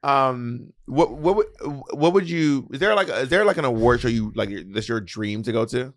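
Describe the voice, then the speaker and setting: A man's voice: mid-range voice, expressive, normal speed, dry recording, studio quality. A man co-hosting a podcast, chatting casually and teasing his co-host with jokes. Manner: teasing, joking, talks with hands. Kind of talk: casual chat.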